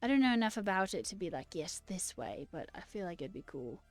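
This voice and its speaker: A woman with a mid-range voice chats loosely with her stream viewers, playful and rambling as she replies to their comments. Soft music plays faintly behind her. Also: medium pitch, very animated, brisk. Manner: playful, rambling, chatty, answers chat out loud. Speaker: live streamer. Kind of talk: casual live-stream chat with viewers.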